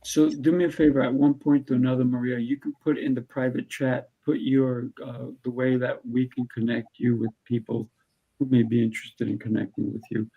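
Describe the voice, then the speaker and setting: A man's voice: mid-range voice, level tone, brisk, breathy edge, phone-quality sound. A man hosting a live online show, chatting in a loose, playful way. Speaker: show host. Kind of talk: casual live video-call chat.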